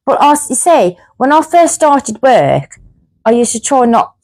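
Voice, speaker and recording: A woman's voice: high voice, a little slow. A woman with a Birmingham accent, co-hosting a podcast in rambling casual chat. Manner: chatty, rambling, lively storyteller. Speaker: podcast co-host.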